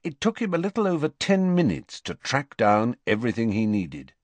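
A man narrating an audiobook in an expressive storytelling manner. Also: mid-range voice, moderate pace, dry recording. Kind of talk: scripted narration.

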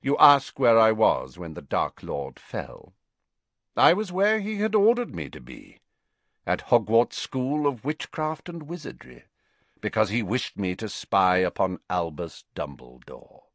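A man voicing a composed wizard spy who speaks in a calm, bored, measured manner. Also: fairly low pitch, no echo, full character voice. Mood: cold calm.

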